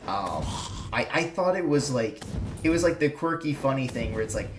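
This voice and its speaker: A man's voice: mid-range voice, expressive, normal speed, over music. A man with a slight Minnesota accent chatting casually while gaming, rambling with lots of fillers and restarts. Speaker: streamer and video maker. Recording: echoey room with clear background noise.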